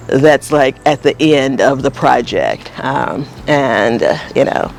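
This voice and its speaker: A man's voice: mid-range voice, animated, slow pace, vocal fry, hardly any pauses, slight background noise. A man hosting a casual walkthrough of his vegetable garden, talking in a long-winded, rambling way while he tours it. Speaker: garden vlogger host. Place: outdoor home vegetable garden. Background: faint outdoor ambience, passing plane.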